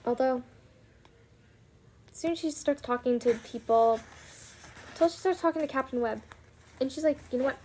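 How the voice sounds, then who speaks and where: Woman retelling a book plot, chatty, lots of like and swearing, kinda high voice. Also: measured pace, pauses often, dark tone, slight background noise. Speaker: book vlogger. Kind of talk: casual book recap.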